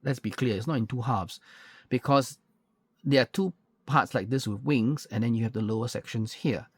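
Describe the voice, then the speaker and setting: A man's voice: medium pitch, normal speed, husky, no echo, studio quality. A man walking through a model kit's parts in a chatty, pedantic way, full of fillers and self-corrections. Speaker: scale model reviewer. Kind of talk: unboxing walkthrough, casual commentary.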